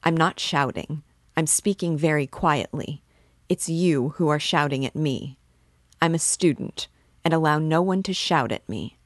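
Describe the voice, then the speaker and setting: A ragged, feverish young man stands his ground defiantly, as a woman with a low voice reads him. His pride pushes through his weakness. The sound is dry. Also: measured pace, dry recording. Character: poor young male student, feverish, proud and defiant.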